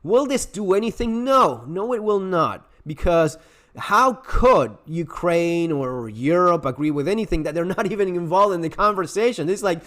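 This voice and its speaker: This high, animated, slightly bright voice belongs to a survival-channel host ranting to camera at moderate speed. He's sarcastic and blunt, cursing liberally and restarting sentences again and again.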